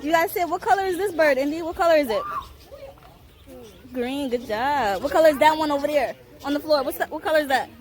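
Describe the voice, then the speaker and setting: A woman's voice: high voice, brisk. A young woman filming a family outing, coaxing her toddler and laughing often. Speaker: mother and vlogger. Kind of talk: casual family vlog narration. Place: outdoor aviary with birds.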